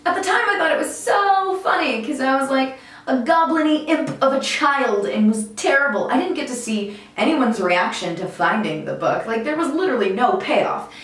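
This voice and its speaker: A woman vlogger telling a personal story in an animated, candid way, swearing casually now and then. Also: high-pitched, normal speed, few pauses. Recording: very echoey room, mic far off, faint music.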